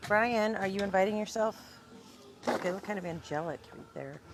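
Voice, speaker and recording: A woman's voice: mid-range voice, moderate pace, slight background noise. A woman hosting a casual live stream, teasing her guest and swearing freely.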